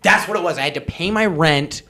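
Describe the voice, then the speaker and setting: A man's voice: a little high, fairly quick, creaky, bright, forceful tone. A young man, a podcast guest, telling a rambling, self-mocking story in casual chat, often laughing.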